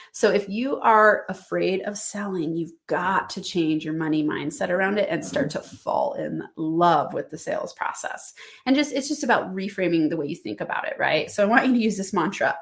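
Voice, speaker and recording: A woman hosting a motivational business podcast, talking straight to the listener in an upbeat, direct coaching manner. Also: lowish voice.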